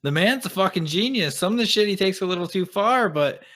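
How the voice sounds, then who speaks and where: A man's voice: high-pitched, expressive, brisk, fairly bright tone. A young man co-hosting a podcast, talking bluntly with profane wisecracks. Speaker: podcast co-host. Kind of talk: casual chat.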